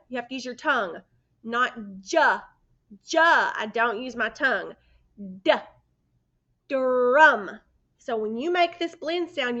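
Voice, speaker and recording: A woman teaching first graders phonics, sounding out letter blends slowly and patiently, prompting the children to answer. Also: on the high side, bright, forceful tone, lo-fi sound. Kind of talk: phonics lesson for young children. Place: indoors by a sunny window.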